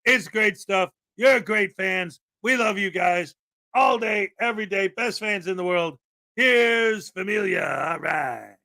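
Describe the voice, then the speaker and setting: A man hosting a casual livestream commentary show, his voice high and bright. He talks loosely, with plenty of fillers and easy laughter. The sound is dry and close. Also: measured pace, dry recording. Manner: chatty, with frequent fillers and laughter. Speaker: livestream host.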